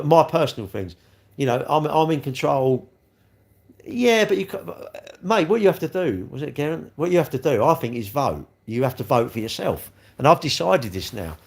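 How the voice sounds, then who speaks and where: A man's voice: a little high, creaky. A man, chatting casually on a live stream, rambling with tag questions and calling viewers mate. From London. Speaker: livestream host. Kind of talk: casual live chat reading comments.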